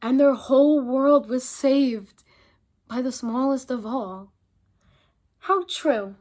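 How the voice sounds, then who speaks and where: A woman reading a children's picture book aloud, animated and expressive as she stops to chat with her young listeners. Her voice is high and her delivery is slow and deliberate. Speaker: storyteller.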